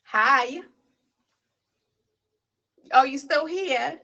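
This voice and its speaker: A woman's voice: high voice, extremely slow, vocal fry, sharp tone, highs cut off. A woman hosting a poetry livestream who reads a spoken word piece and then chats casually, greeting viewers and people passing by name. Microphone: tablet device.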